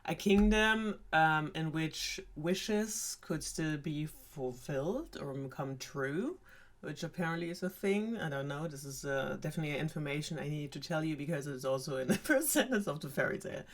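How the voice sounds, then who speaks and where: A woman's voice: deep voice, animated, normal speed. A young woman with a German accent retelling a fairy tale in a sarcastic, rambling way, with many fillers. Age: young adult. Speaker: storyteller.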